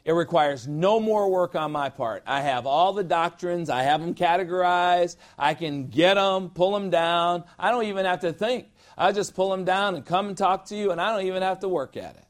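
A man's voice: high-pitched, moderate pace, few pauses. A middle-aged man preaching a conversational sermon as pastor, informal and emphatic, repeating phrases for effect.

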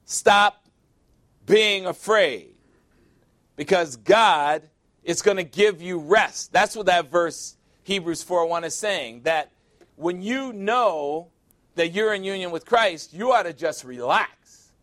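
A man's voice: high-pitched, expressive, takes it slowly, fairly bright tone. A man preaching a sermon in a conversational way, with jokes and emphatic asides.

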